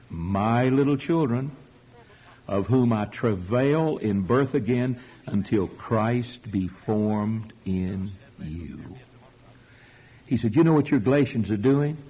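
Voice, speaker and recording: Male preacher, folksy and emphatic, husky voice, dull old tape sound. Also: mid-range voice. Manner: folksy, emphatic, acts out quotes. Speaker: preacher teaching a Bible class. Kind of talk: Bible study sermon.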